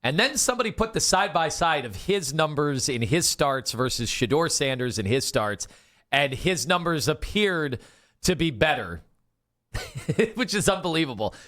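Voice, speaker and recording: A male sports radio co-host talking in a measured, amused way. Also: a little high, very animated, fairly bright tone.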